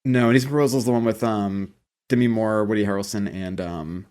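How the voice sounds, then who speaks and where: A man's voice: fairly low pitch, steady tone, a little fast, a little mellow. A man co-hosting a podcast, chatting casually and rambling about an old sitcom, swearing and laughing often. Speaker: podcast co-host. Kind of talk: casual chat about a TV show.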